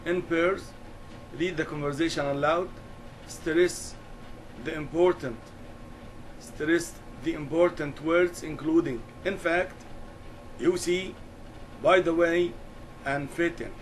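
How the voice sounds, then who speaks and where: Male English teacher, very slow, deliberate, repeats key words for the class. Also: on the high side, a little hiss or hum, poor audio. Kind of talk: classroom lesson explanation.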